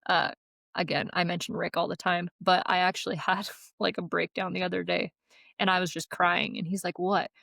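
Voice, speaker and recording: A woman's voice: on the low side, little pitch movement, brisk, creaky, fairly bright tone, no echo. A young adult woman co-hosting a podcast in casual chat, candid and swearing freely. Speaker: podcast co-host.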